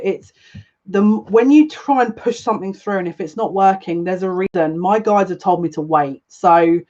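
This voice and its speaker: A woman's voice: fairly low pitch, a little mellow, highs cut off. A woman reading tarot on a live stream, chatting with viewers in an emotional, rambling way, greeting them by name and restarting her sentences. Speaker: psychic reader on a live stream.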